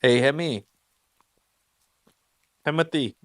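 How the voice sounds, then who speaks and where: An excitable man hosts a casual live audio chat, laughing easily and swearing freely. His voice sits mid-range. The sound is dry and close. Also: medium pitch, slow pace, dry recording.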